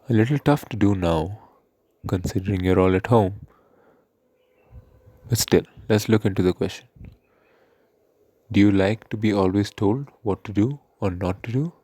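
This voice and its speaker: Slow, low-voiced male teacher. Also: warm tone, no room sound. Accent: Indian English. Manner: slow, explanatory, reads poem lines aloud. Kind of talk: online English lesson.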